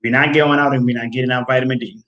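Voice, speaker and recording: Talking rapid-fire in a steady mid-range voice, a man lectures viewers of his health video directly to camera, and the recording has its highs cut off. He's preachy and emphatic, repeating the main points and calling everyone folks.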